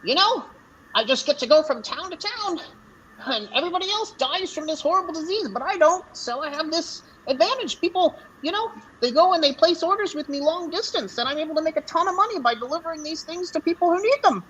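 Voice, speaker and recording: A woman's voice: extremely high pitch, lively intonation, a little fast, fairly bright tone, a little hiss or hum, pitched above the performer's own voice, low-quality recording. A woman voicing a cheerful small male goblin peddler, chirpy and chatty, in a tabletop role-play.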